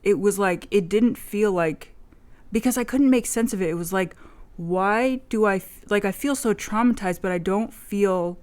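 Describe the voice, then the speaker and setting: A woman's voice: medium pitch, normal speed, a little mellow. Young woman chatting loosely, swearing freely. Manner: rambling, swears a lot, many "like" fillers. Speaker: vlogger. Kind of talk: casual chat.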